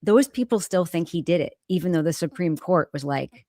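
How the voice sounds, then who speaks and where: A woman's voice: lowish voice, animated, a little fast, mellow, dry recording, studio quality. A woman from New Hampshire co-hosting a podcast in casual chat, direct and teasing. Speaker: podcast co-host.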